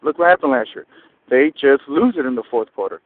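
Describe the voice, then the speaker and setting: A man's voice: medium pitch, animated, brisk. A man from Texas calling in to a show, an eager, rambling, fired-up fan. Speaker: caller. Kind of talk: excited phone-in call. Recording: tinny phone line.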